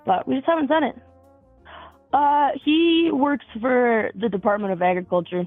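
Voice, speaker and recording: A woman's voice: on the high side, fairly even intonation, moderate pace, no room sound, faint music behind. Woman in her twenties on a tinny phone line. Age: 20s. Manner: casual, rambling, swears, many fillers. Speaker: caller. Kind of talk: casual phone chat.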